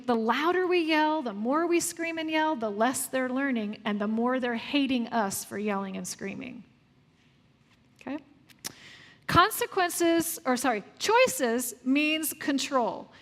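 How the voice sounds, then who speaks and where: A woman leading a live parenting workshop, lively and asking the audience questions before answering them herself. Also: high voice. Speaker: parenting coach. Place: large room with a live audience. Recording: long hall reverb.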